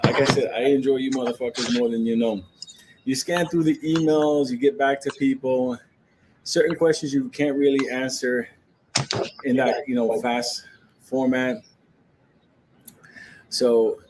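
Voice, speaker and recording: A man's voice: medium pitch, background noise. Brash, profane New man ranting. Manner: brash, profane, joking, laughs often. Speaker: stock market commentator. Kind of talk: profane rant to viewers.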